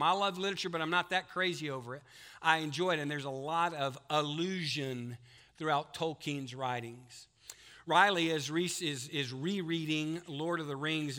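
A middle-aged man, preaching a sermon as pastor, building to loud climaxes and dropping to a hush in prayer. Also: on the high side. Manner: animated, rising to loud climaxes, hushed in prayer.

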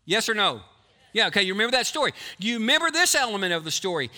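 A male pastor preaching a sermon to a live congregation, quizzing the people and switching between quick talk and slow emphasis. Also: sits high, big pitch swings, pushed and bright. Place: church before a live congregation.

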